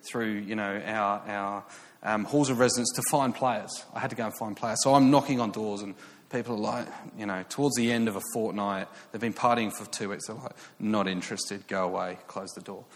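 A man's voice: lowish voice, steady tone, a little fast, in a large hall. A man in his thirties with an English accent, preaching a sermon as a story, chatty and self-mocking with many fillers and restarts. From England.

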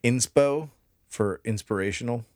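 A man's voice: medium pitch, measured pace, a little mellow, dry recording, clean studio sound. A man co-hosting a podcast, bantering casually with sarcastic jokes and frequent laughter. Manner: sarcastic, joking, laughs often. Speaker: podcast co-host.

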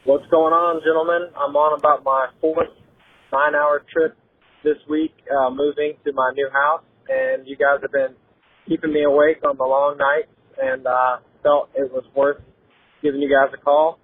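Flat husky caller over a tinny phone line. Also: male voice, on the high side, normal speed, no room sound. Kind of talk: voicemail.

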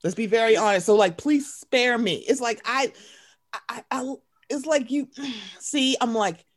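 A woman's voice: a little high, measured pace. A woman co-hosting a casual chat, ranting emphatically and profanely, acting out quoted voices. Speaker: podcast co-host.

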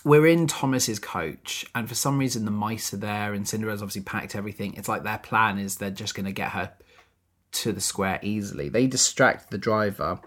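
A man's voice: lowish voice, brisk, fairly bright tone. A man co-hosting a podcast, chatting casually as he recaps a musical, with lots of "you know" and "like". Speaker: podcast co-host.

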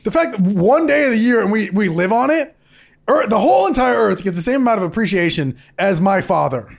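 A man co-hosting a podcast in casual chat, animated and profane, laughing often. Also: sits high, a little fast, creaky. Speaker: podcast co-host.

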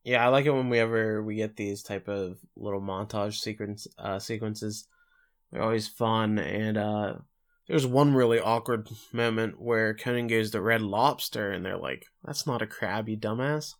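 A man's voice: fairly low pitch, fairly even intonation, normal speed. Casual male podcast host recapping. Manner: rambling, self-correcting, dry jokes.

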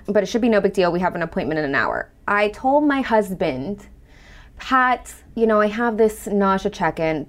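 A woman telling her own story in a conversational way, acting out the dialogue she quotes. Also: mid-range voice. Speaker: storyteller guest. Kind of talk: personal storytelling.

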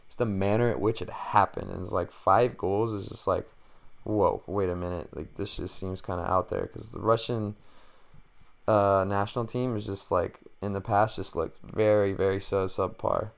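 A man hosting his own podcast, rambling along casually and joking between fillers. His voice sits low, with a gravelly edge that stays smooth and clear. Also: steady tone, moderate pace. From Mexican-American. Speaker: podcast host. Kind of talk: casual solo chat.

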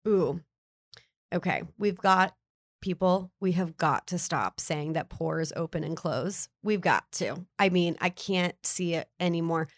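A chatty, candid woman with a slightly low voice talks through a relaxed interview. Her delivery is casual and full of fillers, and she sounds close to the mic in a dry, dead room. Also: a little slow, no echo. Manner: chatty, candid, uses "like" a lot. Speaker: beauty writer and guest.

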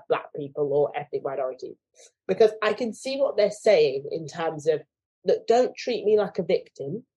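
A woman's voice: low-pitched, a little mellow, husky, low-quality recording. A woman being interviewed, speaking thoughtfully and acting out the voices of people she quotes. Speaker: guest. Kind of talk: conversational interview.

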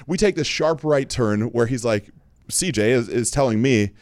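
A man's voice: mid-range voice, normal speed, darkish tone, dry recording. A man hosting a podcast, telling a candid story in casual chat with lots of fillers. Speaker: podcast host.

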